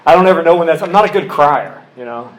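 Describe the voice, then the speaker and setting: A man's voice: fairly high pitch, expressive, quick pace, crowd noise. Joking, candid man at a podium. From Oklahoma. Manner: candid, self-deprecating, storytelling with humor. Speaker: AA speaker. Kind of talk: recovery meeting talk. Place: meeting room with podium. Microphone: podium mic.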